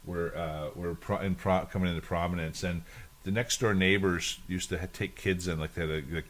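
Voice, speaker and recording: A man's voice: low-pitched, fairly even intonation, fairly quick. A man from Canada co-hosting a casual chat podcast, joking and teasing his co-host.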